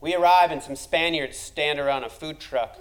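A man's voice: fairly high pitch, moderate pace, slight background noise, rough recording. A man telling a comic personal story, wry and self-deprecating, building to punchlines.

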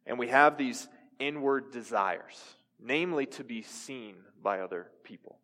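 Preaching at a measured pace, a young adult man's medium-pitched, slightly bright voice echoes through a reverberant hall. The pastor keeps things conversational, putting questions to those listening.

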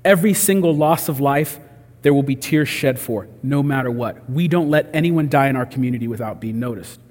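A man's voice: medium pitch, brisk, a little mellow, in a large hall. A man preaching a sermon in a conversational way, acting out the voices he quotes. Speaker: pastor.

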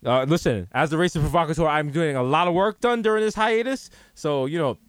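A man hosting a comedy podcast, riffing in playful rapid bursts. His voice sits high and swings widely in pitch. The sound is dry and close. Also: lively intonation, clean tone, dry recording. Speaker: podcast host. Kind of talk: casual comedic chat.

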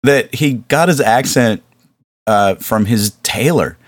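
A man's voice: medium pitch, slow, no room sound, studio quality. A man hosting a podcast, talking about a movie casually with rambling asides and frequent laughter. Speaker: podcast host.

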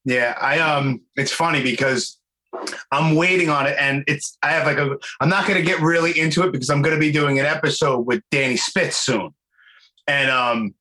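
This is a man, hosting an interview podcast and chatting in a loose, storytelling way. His voice sits a little high and sounds bright and forceful. He swears casually and gets animated as he recounts stories. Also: moderate pace, poor audio. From New York. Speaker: podcast host.

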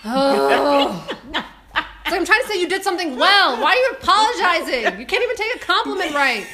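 A woman chatting casually, telling a frustrated story with lively exasperation and frequent laughter. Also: extremely high pitch, a little fast, a little hiss or hum. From Ethiopia. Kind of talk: casual chat.

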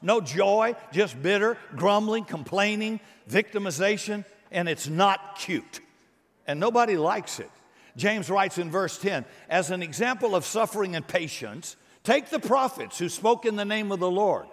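A man preaching a sermon, animated and conversational, acting out voices and joking with the congregation. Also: high-pitched, unhurried, big-room sound. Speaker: pastor.

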